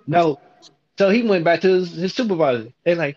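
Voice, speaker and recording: A man's voice: high voice, lively intonation, brisk, a little mellow, highs cut off, slight background noise. Brash, profane man telling stories. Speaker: storyteller. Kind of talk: casual storytelling.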